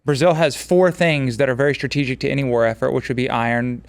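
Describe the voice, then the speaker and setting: A man's voice: mid-range voice, fairly even intonation, quick pace, clean tone. A man co-hosting a casual political commentary show, explaining points at length in a conversational way. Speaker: co-host.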